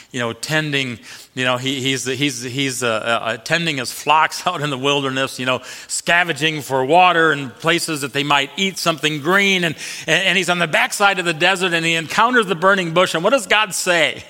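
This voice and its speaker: A man preaching a sermon as pastor, animated, swinging from loud emphatic peaks to soft low asides. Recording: long reverb of a large hall.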